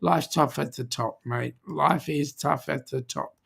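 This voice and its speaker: A host chatting casually on a livestream in an unhurried way. Reads viewer comments aloud, teasing and easygoing. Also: mid-range voice, creaky, fairly bright tone. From Australia.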